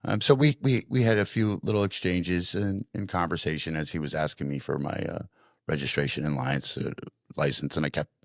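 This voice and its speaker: A man's voice: a bass voice, brisk, no room sound, clean studio sound. A man co-hosting a podcast, telling a funny family story with lots of restarts and acted-out voices. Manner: animated storyteller, acts out voices, many restarts. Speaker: podcast co-host. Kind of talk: casual storytelling.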